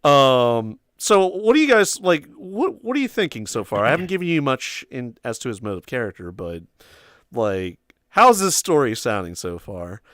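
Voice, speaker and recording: Rambling, animated young-sounding male streamer. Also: medium pitch, normal speed, dry recording, studio quality. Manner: rambling, animated, laughing, cursing. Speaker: livestream host. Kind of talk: casual storytelling chat.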